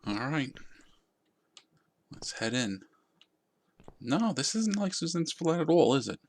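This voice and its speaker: A man's voice: fairly high pitch, sing-song, slow pace. A man casually commenting while playing a story game, musing aloud and wryly reacting to the scenes. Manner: casual, musing and wry, reads choices aloud. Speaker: gaming channel host. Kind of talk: let's play commentary.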